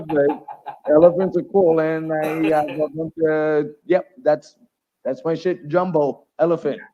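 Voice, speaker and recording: A man's voice: fairly high pitch, fairly even intonation, slow, dull audio. A man from Canada, a guest rapper, chatting casually over a video call and laughing easily.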